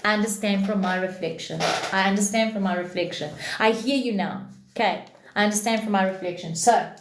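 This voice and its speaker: A woman giving a spiritual talk on a live stream, answering her chat and repeating key phrases slowly for emphasis. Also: medium pitch, reverberant, slight background noise.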